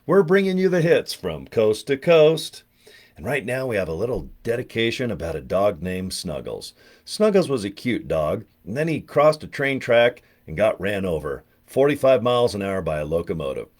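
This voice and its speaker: A man in his fifties imitating a smooth, upbeat male countdown radio DJ from the seventies. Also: lowish voice, sing-song, normal speed, a little mellow. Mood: chipper. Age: 50s. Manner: upbeat broadcast announcer delivery.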